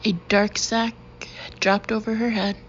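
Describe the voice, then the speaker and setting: A woman reading a thriller audiobook in a steady, even narration. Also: mid-range voice, a little slow. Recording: dull, slightly noisy recording.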